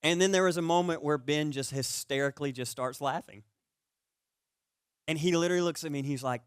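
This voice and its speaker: A man preaching a conversational sermon as pastor, telling stories with animated, comic energy. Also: brisk, clear, resonant tone, no room sound, studio quality. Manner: animated storyteller who gets loud and high-pitched in comic stories.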